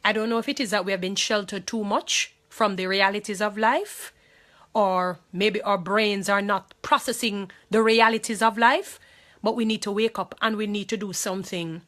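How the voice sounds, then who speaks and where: A woman's voice: medium pitch, fairly even intonation, normal speed, a bit bright. A woman with a Jamaican accent, speaking to viewers in an impassioned monologue. She talks emphatically, repeats phrases and pleads, distressed and angry.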